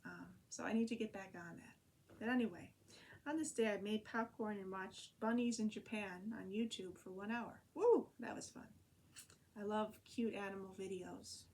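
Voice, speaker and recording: A woman talks through her week in a loose, rambling diary vlog, full of fillers and restarts. Her voice sits at a middle pitch for a woman. A faint background noise runs under the recording. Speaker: vlogger and online French teacher.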